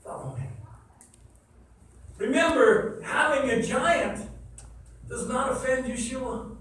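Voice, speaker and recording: A man's voice: very high voice, slow, a bit bright. A man preaching a sermon, emphatic and repetitive, quizzing the congregation. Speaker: pastor. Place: church sanctuary. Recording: echoey hall from far off, faint noise.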